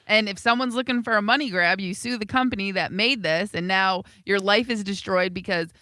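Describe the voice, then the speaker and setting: A woman's voice: medium pitch, a little fast, pushed and bright, no room sound. A woman in casual radio banter, blunt and skeptical. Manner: blunt, skeptical, pushes back. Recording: dry studio sound.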